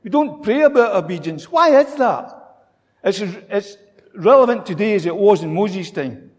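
High-pitched and a little mellow, this preacher's voice moves at a moderate pace with lively intonation. He delivers his sermon conversationally, asking rhetorical questions, amid long hall reverb.

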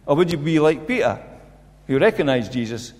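A man delivers a sermon in an earnest, insistent way, circling back to repeat his main points. His voice sits a little higher than most men's. A long reverb trails behind him, as if in a large hall. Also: sing-song, a little fast, darkish tone. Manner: earnest, repeats key phrases for emphasis. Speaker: preacher.

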